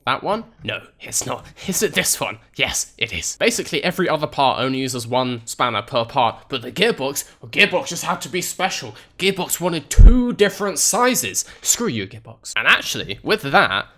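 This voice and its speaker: A man narrating his game playthrough with playful, sarcastic asides to his viewers. His voice is bright and clear, and his pitch jumps around animatedly. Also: big pitch swings, moderate pace, hardly any pauses. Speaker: gaming video host. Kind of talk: let's play commentary.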